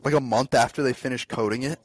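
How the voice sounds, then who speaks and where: A man's voice: mid-range voice, steady tone, fast, slightly rough. A man from the US East Coast calling in to troll a live show, drawling and saying bro constantly. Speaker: caller. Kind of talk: trolling call-in chat.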